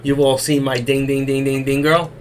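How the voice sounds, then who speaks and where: A man's voice: medium pitch, level tone, moderate pace, slight background noise. A middle-aged man hosting a live stream, telling rambling folksy stories and losing his voice. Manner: chatty, folksy, repeats himself. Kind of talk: rambling casual storytelling.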